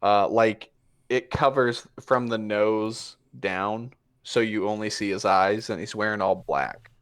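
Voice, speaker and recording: Slow-talking, profane game master man. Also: fairly low pitch, smooth, dry recording. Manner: casual, profane, full of fillers. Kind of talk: narrating a tabletop game.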